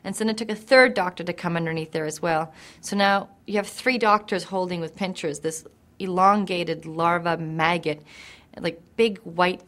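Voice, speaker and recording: Interview subject, young woman, vivid to-camera story, lowish voice. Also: fairly even intonation, normal speed, a bit bright.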